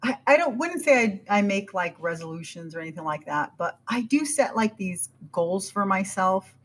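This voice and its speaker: Woman in her 40s on a podcast, casual chat, lots of acted-out inner voices, bouncy pitch. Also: normal speed, slight background noise. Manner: animated storytelling, acting out her own thoughts. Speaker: podcast guest.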